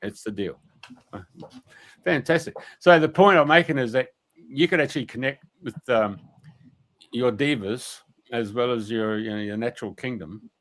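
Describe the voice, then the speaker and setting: A man's voice: medium pitch, moderate pace, fairly bright tone. A man telling a rambling anecdote on a radio talk show, colloquial and full of fillers. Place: radio studio.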